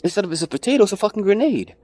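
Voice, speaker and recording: A man's voice: high voice, very animated, very fast, a little mellow, dry recording. A man ranting in a rambling, profane vlog monologue, jumping between mocking voices and his own. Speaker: vlogger.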